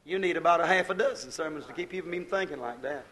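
A man preaching a sermon, folksy and exuberant, swinging from hushed asides to shouted praise. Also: a little high, rapid-fire, hardly any pauses, poor audio. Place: church service.

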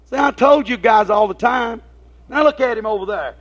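A man voicing a gossiping, sneering male disciple in a higher voice, on a dull lo-fi recording. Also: normal speed, fairly bright tone, heavily acted.

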